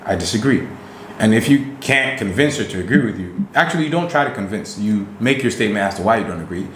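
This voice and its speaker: Male podcast co-host, low and emphatic, roomy echoey room. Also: lively intonation, fast, slight background noise. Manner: emphatic, preachy. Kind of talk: casual podcast chat.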